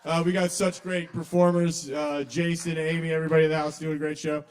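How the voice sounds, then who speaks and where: A young man doing casual, confessional stand-up comedy at an open mic in a kava bar, with sudden loud outbursts when he quotes people. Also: on the high side, flat delivery, brisk, smooth.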